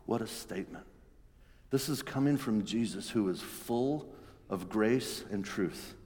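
A man's voice: fairly low pitch, a little slow, a little mellow. Earnest man preaching in a reverberant hall. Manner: conversational, earnest, with restarts. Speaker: pastor. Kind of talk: sermon. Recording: long reverb in a large hall.

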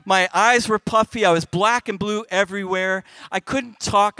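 Man, middle-aged, high voice, bright, dry close mic, animated comic storytelling, youth event speaker. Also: normal speed, dry recording. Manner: animated, comic storytelling with big shifts in loudness. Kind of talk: storytelling talk to kids.

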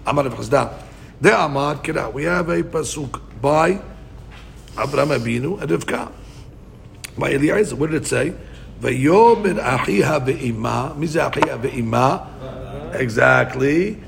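Gravelly man teaching a Talmud class. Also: medium pitch, moderate pace, a little hiss or hum. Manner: animated, thinks aloud with many restarts; mixes Hebrew and Aramaic terms into English.

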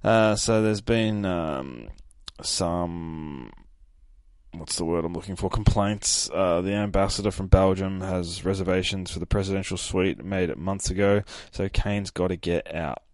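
A man's voice: low-pitched, unhurried, darkish tone, no room sound, studio quality. A hungover young man hosting a podcast, recapping a comic in a rambling, profane, casual way with lots of fillers. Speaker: podcast host.

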